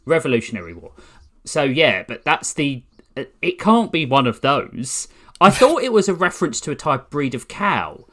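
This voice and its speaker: A man's voice: fairly high pitch, very animated, moderate pace, fairly bright tone. A man in his forties co-hosting a podcast in casual chat, rambling and correcting himself as he goes. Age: 40s. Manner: rambling, self-correcting, fillers. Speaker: podcast co-host.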